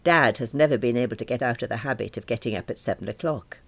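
A woman's voice: extremely low pitch, fast talker, dry recording. A woman reading a diary-style story aloud in a wry, dry manner. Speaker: reader.

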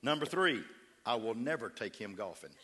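A man, a pastor, telling a story in a sermon with an animated, humorous delivery. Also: medium pitch, moderate pace, background noise.

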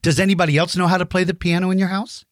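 A woman's voice: on the low side, steady tone, very fast, dry recording, studio quality. A woman hosting a playful chat with a child over a video call, joking and teasing with silly sound effects. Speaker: host.

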